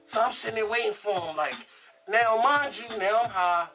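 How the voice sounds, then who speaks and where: A woman casually telling a true story in an animated, profane way, laughing as she goes. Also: mid-range voice, normal speed, music in the background.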